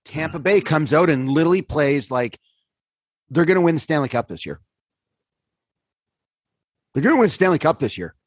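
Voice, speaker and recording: A man with a husky, slightly breathy voice, caught up in a casual sports rant. He sounds exasperated and swears freely, and his pitch shoots up when he gets fired up. The sound is dry and close. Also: animated, moderate pace, pauses often, dry recording. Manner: exasperated rants, swearing, voice jumping high when worked up. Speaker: podcast co-host.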